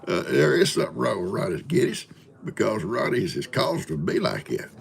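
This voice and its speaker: An older man in his seventies chats on a live stream, spinning folksy farm stories and chuckling as he goes. His voice sits low with a gravelly rasp, and his pitch rises and falls in lively swoops. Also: brisk. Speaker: livestream host. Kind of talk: casual storytelling to live viewers.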